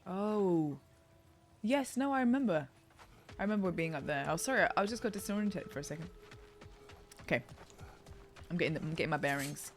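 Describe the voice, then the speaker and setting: Lively young woman narrating gameplay. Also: on the low side, a little fast, pauses often. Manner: chatty, reacting aloud to the game. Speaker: gaming streamer. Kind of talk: let's play commentary.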